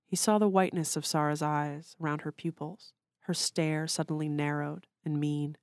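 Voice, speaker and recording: A woman author reads her own short story in a measured, literary way. Her voice is low, and the recording is dry and close. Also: steady tone, darkish tone, no echo.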